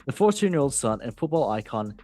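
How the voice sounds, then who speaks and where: A man's voice: medium pitch, very animated, fairly quick, warm tone, soft background music. A man hosting a casual football podcast, reading news in a chatty, jokey way and tripping over words now and then. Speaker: host.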